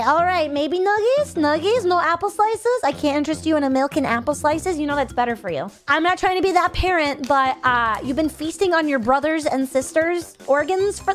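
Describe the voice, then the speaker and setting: Female streamer, very high voice, crude comic ranter, faint music under her. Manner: brash, crude, comic rants to chat. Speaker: VTuber streamer. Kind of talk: live game stream commentary.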